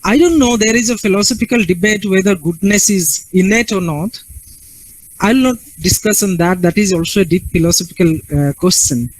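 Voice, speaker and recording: High-voiced lecturer, a man. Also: moderate pace, no echo, rough recording. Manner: repeats words, often checks in with "right?". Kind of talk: classroom lecture.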